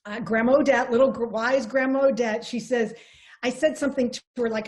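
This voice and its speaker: A woman's voice: fairly high pitch, moderate pace. A woman giving an earnest motivational training talk to a sales team, coaching and repeating herself as she goes. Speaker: network marketing trainer.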